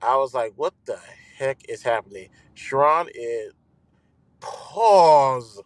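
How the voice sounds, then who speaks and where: Loud, swearing man host on a rant. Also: medium pitch, takes it slowly, no room sound. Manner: loud, animated, swearing, repeats himself for emphasis. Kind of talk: ranting live commentary.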